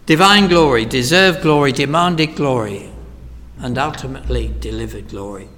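A man preaching a sermon, slow and emphatic, swinging from hushed whispers to loud cries. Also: mid-range voice. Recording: long reverb of a large hall.

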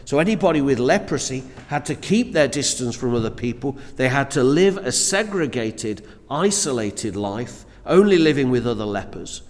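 A man preaching a sermon to a church congregation in an earnest, emphatic way, often repeating words as he builds his points. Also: on the high side. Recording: reverberant church hall.

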